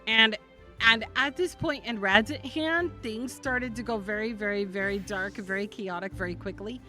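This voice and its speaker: A woman's voice: mid-range voice, normal speed, bright, forceful tone, soft background music. A woman streaming a game live, chatting playfully with her viewers, giggling and stumbling over her words as she talks to them by name.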